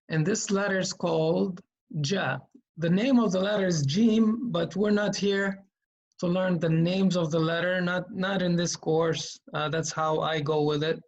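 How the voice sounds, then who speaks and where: A man teaching Quran reading at a slow, unhurried pace. He explains patiently and repeats each sound, with plenty of fillers along the way. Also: fairly high pitch, vocal fry, highs cut off.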